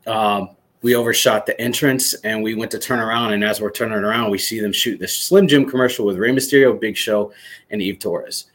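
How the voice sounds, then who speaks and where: A man in his thirties from Michigan, a former soldier, telling a story as a podcast guest in an animated, excited way, swearing freely. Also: lowish voice, brisk. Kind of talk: casual storytelling interview.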